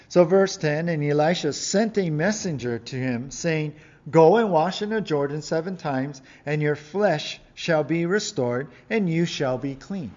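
A man's voice: a little high, darkish tone, muffled recording. A male pastor giving a conversational sermon, reading scripture and acting out the people in it with a raised voice. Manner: conversational preaching, acts out quoted figures with raised voice.

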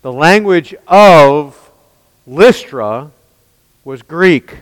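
Male pastor, slightly high and smooth-voiced, preaching emphatically with lots of rhetorical questions, long hall reverb. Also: animated, drawn-out words. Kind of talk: expository sermon.

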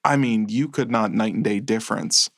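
Man, podcast co-host, deep voice, dry close sound, casual rambling film talk. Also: moderate pace, no echo. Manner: rambling, self-correcting, chuckles often.

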